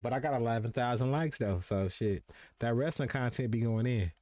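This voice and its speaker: A young man hosting a live podcast, talking in relaxed, slangy fashion and jumping into other people's voices as he tells a story. His voice sits at a middle pitch and is recorded dry and close on a streaming mic. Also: fairly quick, no echo. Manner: laid-back slangy storytelling, acts out quotes. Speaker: podcast host. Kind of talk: casual streamed chat.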